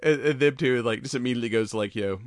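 A male podcast co-host recaps an action movie in loose, casual chat. He gets animated and breaks into laughter often as he tells it. His voice sits at an ordinary pitch and is recorded dry and close, with no room sound. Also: racing, no room sound.

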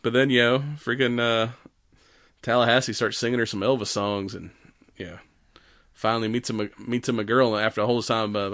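A man's voice: mid-range voice, fairly even intonation, brisk, fairly bright tone, no room sound. A man casually retelling a film's scenes in a podcast chat, laughing often and quoting characters, with plenty of fillers and swearing. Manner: profane, rambling with many fillers. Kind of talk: casual movie recap chat.

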